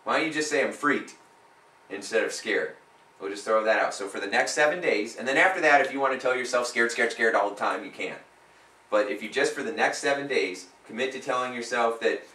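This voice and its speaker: Speaking at medium pitch and a little fast, an emphatic man coaches a client live, building intensity through repeated lines. His tone is bright and forward. A mic placed some distance away gives the recording a roomy sound.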